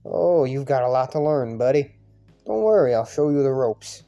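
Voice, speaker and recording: A man's voice: medium pitch, expressive, moderate pace, mellow, muffled recording, lightly acted. A man voicing a brash, crude young man who picks fights, in a put-on Irish accent, over faint music. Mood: grudging. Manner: crude, mocking, swaggering. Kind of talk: fan visual novel voice acting.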